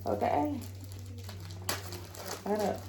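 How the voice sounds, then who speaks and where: A young adult woman vlogs from home, drawing out her words over a noisy background. She chats straight to her viewers while unboxing something, casual and emotional.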